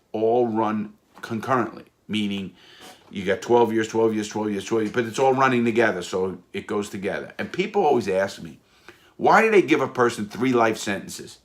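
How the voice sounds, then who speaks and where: A man telling his own story in a casual, emphatic monologue, often restarting and repeating himself. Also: lowish voice. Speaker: storyteller recounting his prison case.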